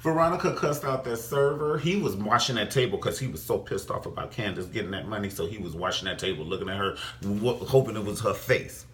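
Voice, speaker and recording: Sassy, flamboyant man with a low voice. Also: a little fast, few pauses, fairly bright tone. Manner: sassy, flamboyant, swoops up high for emphasis; profane, calls viewers honey. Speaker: TV recap vlogger. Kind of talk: casual TV episode review.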